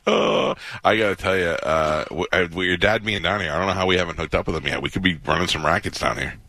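A male radio host in casual chat, quick to laugh as he tells his own stories. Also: low-pitched, lively intonation, creaky, sharp tone. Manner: laughs easily, quick storyteller.

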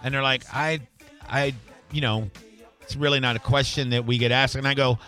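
A middle-aged man with a bright, forward voice talks casually as host and tells his stories with energy. He slips into other people's voices as he retells them. Soft music sits faintly underneath. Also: mid-range voice, normal speed. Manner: animated storyteller, acts out quoted voices. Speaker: podcast host. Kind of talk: casual chat, storytelling.

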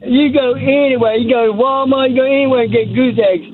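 Guy calling in, very high pushy voice, tinny phone line. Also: steady tone, a little fast, a little hiss or hum. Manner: insistent. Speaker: caller. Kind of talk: phone-in chat.

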